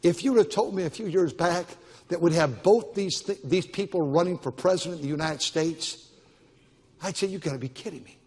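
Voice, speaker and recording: A man's voice: high-pitched, normal speed, darkish tone, breathy edge. An older man preaching a Baptist sermon as pastor, with emphatic, repetitive exhortation. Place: church auditorium. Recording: long church-hall reverb.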